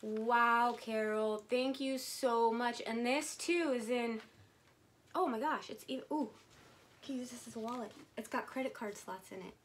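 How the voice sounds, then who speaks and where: A woman vlogger chatting casually to her viewers as she unboxes items, gushing and excitable. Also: fairly high pitch, a little slow, a little hiss or hum.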